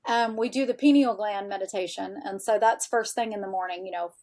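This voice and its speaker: A woman guest on a podcast, chatty and animated, sprinkling in "like" and acting out what people said as she tells a personal story. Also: medium pitch, brisk. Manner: animated, chatty, frequent "like" fillers, acts out quoted dialogue. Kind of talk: casual storytelling in a podcast interview.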